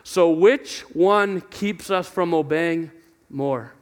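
A man's voice: a little high, slow pace. A young adult man preaching a conversational sermon, questioning himself aloud and acting out voices in quotes. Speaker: pastor.

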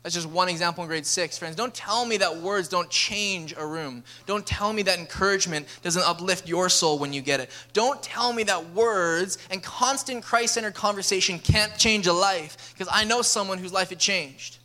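Young male pastor, earnest sermon delivery, bright forceful voice. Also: high-pitched, moderate pace, hardly any pauses. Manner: earnest, building to emphatic appeals.

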